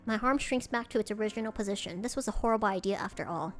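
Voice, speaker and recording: A woman's voice: mid-range voice, fast talker, faint music behind. A woman streamer reading a visual novel aloud, breaking off to react with dismay.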